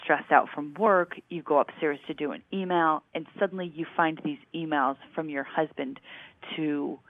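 A podcast co-host in casual chat, hesitant and measured, often restarting sentences. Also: medium pitch, steady tone. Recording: tinny phone-like line.

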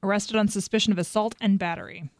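A woman's voice: mid-range voice, steady tone, fast talker, no room sound. A woman co-hosting a radio talk show, chiming in with matter-of-fact remarks. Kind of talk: casual talk radio chat.

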